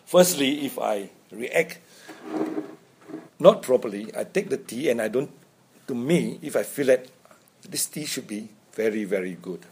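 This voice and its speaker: A man's voice: medium pitch, animated, a little slow, creaky, darkish tone, a little hiss or hum. A man giving an informal Buddhist dharma talk, chatty, chuckling often and checking in with "right?". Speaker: Buddhist teacher.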